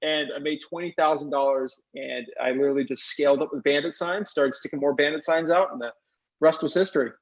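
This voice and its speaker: A young man telling a fast, excited story as a guest, acting out the other people's voices as he quotes them. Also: on the high side. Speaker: guest investor. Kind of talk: animated storytelling. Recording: dull lo-fi sound.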